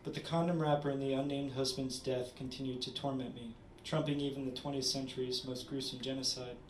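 Man, story reading, measured pace, small stumbles, echoey venue, distant mic. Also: mid-range voice, flat delivery, slight background noise. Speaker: reader at a literary event. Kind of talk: reading his story aloud. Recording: roomy, distant audience recording.

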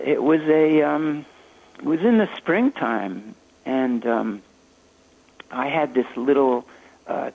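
An older man, a jazz saxophonist, telling stories in a halting, anecdotal way during an interview. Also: mid-range voice, creaky, a little mellow, low-quality recording. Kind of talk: reminiscing interview storytelling.

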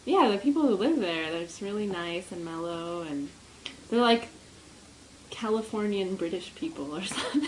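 A young woman co-hosting a podcast, chatting in a relaxed way with dry jokes and frequent laughter. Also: mid-range voice, normal speed, slight background noise, rough recording. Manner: laid-back, dry humor, frequent laughs. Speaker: podcast co-host. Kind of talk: casual chat.

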